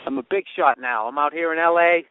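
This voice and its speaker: A man's voice: on the high side, fairly quick, clean tone, dry recording, phone-quality sound. A man hosting a podcast, telling a story in a profane, sarcastic rant from outdoors on a city street. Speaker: podcast host. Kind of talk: casual comedic monologue.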